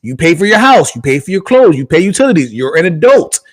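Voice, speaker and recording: A man's voice: fairly high pitch, sing-song, quick pace. A man co-hosting a podcast, talking in a casual, emphatic way and often repeating his words. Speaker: podcast co-host. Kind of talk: casual chat.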